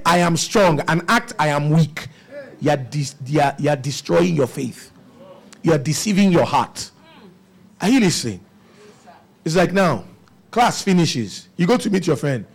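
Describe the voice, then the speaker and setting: Husky animated preacher man. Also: on the high side, moderate pace. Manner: animated preaching with rhetorical questions to the congregation. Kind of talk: sermon.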